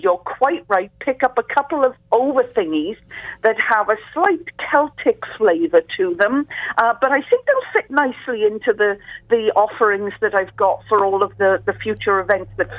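A woman from Wales speaks with a Welsh accent in a chatty, self-deprecating way. Her voice is fairly high yet sultry and low in grain this morning. The sound is dry and thin, as if heard through a phone line. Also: no room sound. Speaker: crime author guest. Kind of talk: casual interview chat.

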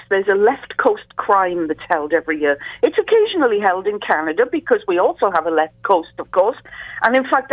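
A woman from Wales with a Welsh accent, chatting as an interview guest with a self-deprecating humour and a deep, sultry morning voice. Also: no room sound. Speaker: crime author guest. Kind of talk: casual interview chat. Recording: phone line.

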